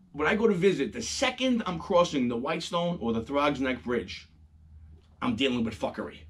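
A middle-aged man hosts a casual monologue in a husky, slightly high voice. His pitch swings widely as he tells stories, swears freely and acts out other people's lines. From New York. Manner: animated, profane storytelling, acting out quoted voices. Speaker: host.

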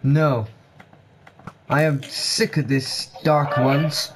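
Man voicing a grumpy time-traveling doctor, slow, curt, fairly high voice, game roleplay. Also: fairly even intonation, a loud crowd. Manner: curt, impatient.

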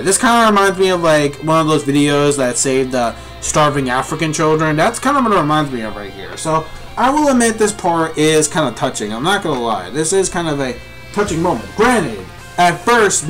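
Excitable young man reacting to manga. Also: on the high side. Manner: excitable, profane, talks to viewers. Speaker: manga reviewer. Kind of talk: live reading reaction.

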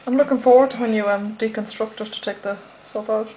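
A woman's voice: on the high side, fairly even intonation, fast talker, mellow, slight background noise, poor audio. A woman chatting from behind the camera, friendly and giggly, chiming in. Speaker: camera operator and co-host. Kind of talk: casual chat.

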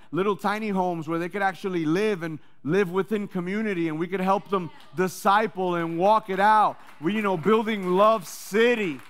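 A high-pitched man preaches to his congregation. He climbs to loud, rallying calls and then drops into quiet, wry asides. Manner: energetic preaching that swings between loud calls and low asides. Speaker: pastor. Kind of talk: sermon.

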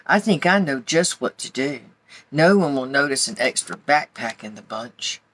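A woman's voice: rumbling low, expressive, normal speed, slightly rough, exaggerated voice. A woman voicing an eager male farm turkey who keeps trying to sneak into school, gobbling as he goes. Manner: bright, determined, gobbling.

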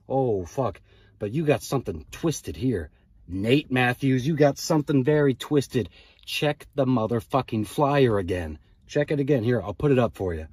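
A man's voice: mid-range voice, expressive, moderate pace, a little mellow, slightly rough, no room sound, studio quality. A man cutting a comedic, profane wrestling promo from a car, trash-talking a rival in heated bursts.

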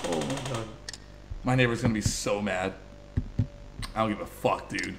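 A man's voice: on the low side, normal speed, vocal fry, long pauses, background noise. A man streaming a horror game, swearing and reacting in panic, with game music playing behind him. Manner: panicked swearing, screams and repeated exclamations. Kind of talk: live horror game commentary.

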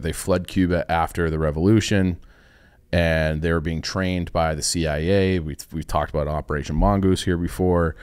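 A man's voice: extremely low pitch, darkish tone. A young man casually explaining history on a podcast, rambling with lots of fillers and loose quotes. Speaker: podcast guest.

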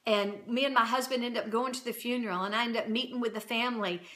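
Bright-voiced woman giving emotional testimony. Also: a little high, fairly even intonation. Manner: earnest, emotional, halting with restarts. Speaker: Christian channel host. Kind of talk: personal testimony.

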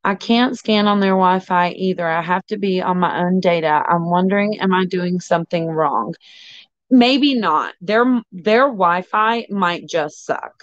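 A woman's voice: on the low side, unhurried, no room sound. A woman hosting a casual livestream chat, talking with viewers and easily sidetracked. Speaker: livestream host. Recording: dull lo-fi audio.

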